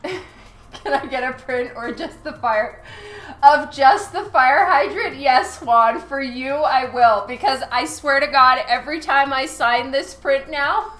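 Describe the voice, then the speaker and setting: A woman's voice: sits high, takes it slowly, a bit bright. A woman artist chatting casually with her live-stream viewers, laughing often as she reads their messages. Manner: giggly, reads chat messages aloud. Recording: roomy echo with faint music. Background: faint background music.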